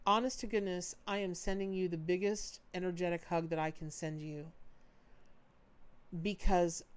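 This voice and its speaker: A woman hosting a live-stream tarot reading, chatty and animated with folksy, warm-hearted talk. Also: mid-range voice, clean tone. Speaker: tarot reader hosting a charity livestream.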